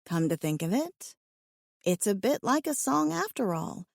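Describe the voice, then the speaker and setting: Woman narrator, mid-pitched, slow, wry; dry close-mic audiobook read. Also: vocal fry, no echo. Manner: expressive, wry inner monologue. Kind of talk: first-person romance audiobook narration.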